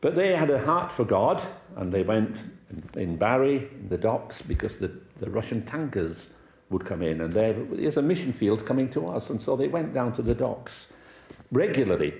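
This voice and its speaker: A man's voice: medium pitch, expressive, moderate pace, gravelly, darkish tone. A middle-aged man from Wales preaching a sermon in a conversational, anecdotal way, with chuckles and acted-out quotes. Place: church hall. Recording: echoey church room.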